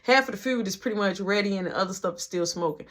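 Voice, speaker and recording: A young man casually telling a story about his workplace, animated and slangy, acting out every quote. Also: high-pitched, quick pace.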